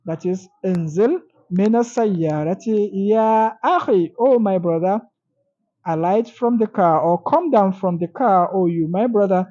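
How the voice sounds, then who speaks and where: Woman, Arabic grammar teacher, patient and repetitive, warm mellow tone. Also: mid-range voice, muffled recording. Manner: slow, repeats each example with translation. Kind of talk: explaining grammar lesson.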